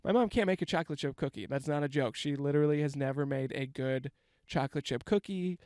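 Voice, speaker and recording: A young man spins a loose, profane comic story full of self-mockery. His voice sits a little high and comes across smooth and clear. The sound is close and dry. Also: fast, darkish tone, no echo. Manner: rambling, profane, self-mocking. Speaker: comedian. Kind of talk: casual comedic storytelling monologue.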